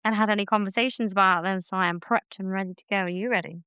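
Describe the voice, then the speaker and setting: A woman hosts a relaxed late-night podcast chat from her bedroom, chatty and teasing. Her voice is smooth and clear, and the recording is close and dry, with no room sound. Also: mid-range voice, fast, no echo. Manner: chatty and teasing, light-hearted. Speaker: podcast host.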